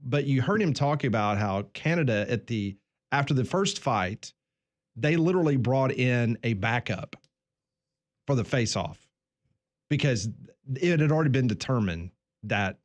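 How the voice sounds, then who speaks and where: A man hosting a sports radio show, telling stories in a relaxed, casual way and running the segment. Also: medium pitch, unhurried, pauses often. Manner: relaxed storytelling, runs the segment.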